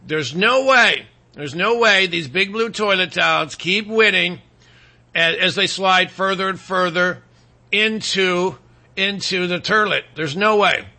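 Bright, high-voiced sarcastic male host. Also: takes it slowly. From Michigan, USA. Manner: rambling, sarcastic, frequent throat clearing. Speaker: talk show host. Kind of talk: casual political talk with ad reads.

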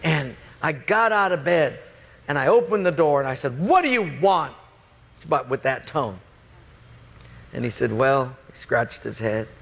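A man preaching a sermon, telling an animated personal story and acting out the quotes. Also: mid-range voice, moderate pace, creaky, breathy edge.

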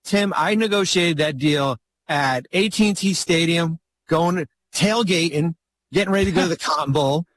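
A man's voice: a little high, normal speed, a bit bright, no echo. A man telling long, rambling stories in a casual podcast chat, with many restarts and fillers. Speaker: former basketball executive telling stories.

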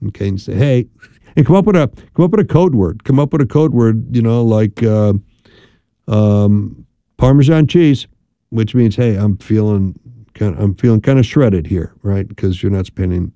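Chatty man on radio, dark-toned. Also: lowish voice, no echo. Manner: chatty, emphatic, repeats words for stress. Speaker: radio host and marriage counselor. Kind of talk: casual radio talk with advice. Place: radio studio. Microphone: studio microphone.

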